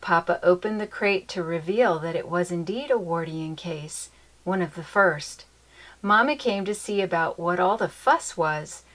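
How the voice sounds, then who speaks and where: A woman reading a children's chapter book aloud in an expressive, lilting storytelling manner. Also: on the low side, unhurried.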